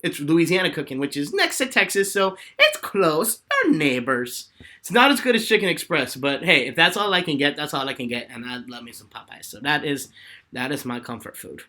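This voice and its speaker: A man in his twenties hosting a live fan question-and-answer chat, telling stories in an animated way and laughing often. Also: on the high side, brisk. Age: 20s.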